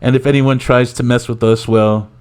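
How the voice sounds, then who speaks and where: A man doing a comic impression of a boastful, rambling male president, who talks loudly and piles on superlatives. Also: mid-range voice, fairly even intonation, moderate pace, smooth, voice pushed up, natural voice. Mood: blustering. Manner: loud bragging, repetitive superlatives. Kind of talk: comic impression in a podcast skit.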